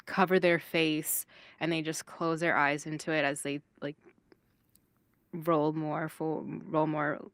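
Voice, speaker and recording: A woman player describing her character in a tabletop role-playing game, halting and searching for words. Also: low voice, flat delivery, a bit bright, dry recording.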